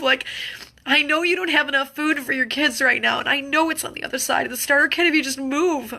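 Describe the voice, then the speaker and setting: Fervent woman with a gravelly bright voice. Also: high-pitched, quick pace. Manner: fervent, pleading, repetitive pep talk. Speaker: network marketing team leader. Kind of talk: motivational training talk.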